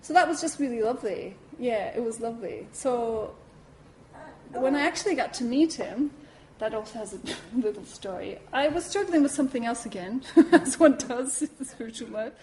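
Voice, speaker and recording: Lively woman telling a personal story. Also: fairly high pitch, moderate pace, a little hiss or hum, rough recording. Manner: lively, acts out her own reactions, many "you know"s. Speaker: Buddhist centre speaker.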